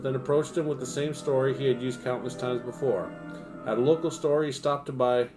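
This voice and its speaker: A man's voice: medium pitch, darkish tone. A man on a home livestream reading nonfiction aloud and breaking off into profane, self-mocking asides. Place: home streaming setup.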